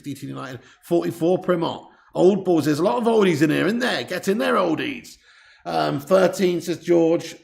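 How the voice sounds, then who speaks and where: A man's voice: mid-range voice, gravelly, a little mellow. A man, hosting a live football watch-along, chatting casually, reading out viewer comments and swearing freely. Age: 30s.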